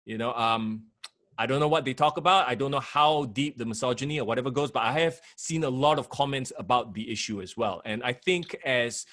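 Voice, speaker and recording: A man's voice: medium pitch, a little fast, a bit bright. A man co-hosting a podcast, emphatic and preachy in casual discussion. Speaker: podcast co-host and radio broadcaster.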